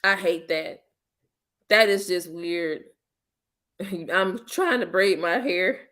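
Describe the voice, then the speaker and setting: A woman hosting her own channel, chatting casually with viewers in a blunt, slangy, teasing way and breaking into loud playful laughter. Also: fairly low pitch, takes it slowly. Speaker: host of a commentary channel. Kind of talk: casual chat reacting to viewers.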